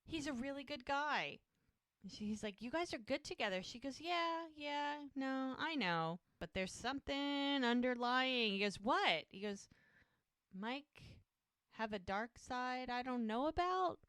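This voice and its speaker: A woman's voice: high-pitched, animated, unhurried, fairly bright tone, clear, resonant tone, dry recording, clean studio sound. A woman co-hosting a podcast, retelling TV scenes in casual chat and quoting the characters' lines. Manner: retells scenes with quoted dialogue. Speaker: podcast co-host.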